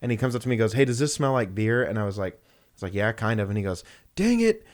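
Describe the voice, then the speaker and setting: A man's voice: on the low side, quick pace. A young man, casually telling stories on a podcast and acting out the voices of the people in them. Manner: animated, acts out voices in his anecdotes. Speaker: podcast co-host. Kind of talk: casual storytelling chat.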